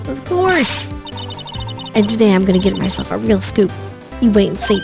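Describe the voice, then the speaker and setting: A bold, brassy young paranormal photographer with a put-on Southern drawl, voiced by a woman reading a game's script aloud. She talks with folksy swagger at a middling pitch. Faint music sits behind her. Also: sing-song, moderate pace, vocal fry. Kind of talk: reading game dialogue aloud.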